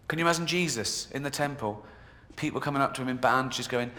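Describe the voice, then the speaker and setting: A man doing a stand-up routine, mocking and sardonic, jumping into squeaky voices for the people in his jokes. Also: fast talker, hardly any pauses, pushed and bright, slight background noise. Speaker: stand-up comedian. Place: comedy club stage in a video game. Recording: game audio, club reverb with crowd laughter.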